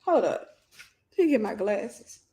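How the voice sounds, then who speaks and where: A woman's voice: medium pitch, big pitch swings, unhurried, mellow. A woman teaching a faith-based life lesson in a conversational way, telling stories with playful asides and acted-out voices. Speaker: Christian teacher and mentor.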